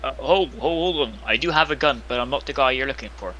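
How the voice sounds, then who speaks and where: A man's voice: medium pitch, fast talker, over a noisy crowd, poor audio. A man playing a tabletop game over voice chat, making dry, wry remarks as his character. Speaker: player.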